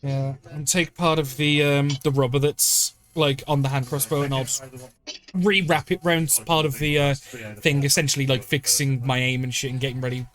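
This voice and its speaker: A man's voice: medium pitch, flat delivery, normal speed, a bit bright. A man playing a tabletop game, blunt and swearing often. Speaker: player. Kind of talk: casual tabletop play.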